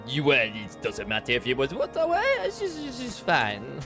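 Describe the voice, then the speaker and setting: A man's voice: mid-range voice, wildly swooping pitch, normal speed, music in the background. A man streaming a game, chatting loosely and joking. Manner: jokey, rambling, laughs often. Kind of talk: casual gameplay stream chat.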